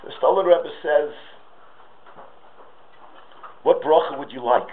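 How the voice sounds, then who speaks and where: A rabbi with a slightly high voice speaks slowly in a sermon, heard through tinny, phone-like audio. He tells stories and rises to impassioned pleas.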